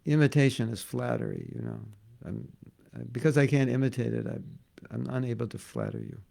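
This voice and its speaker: A man's voice: mid-range voice, big pitch swings, fairly quick, gravelly, dark tone. A man teaching a casual devotional class, joking and conversational, repeating words for emphasis. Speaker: spiritual teacher.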